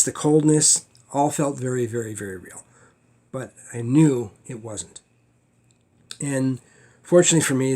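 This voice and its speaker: A middle-aged man teaching a class in a casual storytelling way, acting out his own panicked thoughts in lively bursts. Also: medium pitch.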